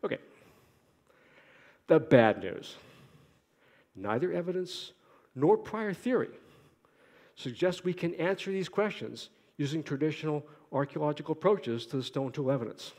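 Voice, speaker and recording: A man giving an academic conference lecture in a lively, joking way, asking rhetorical questions. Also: on the high side, moderate pace. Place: lecture hall. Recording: echoey lecture hall.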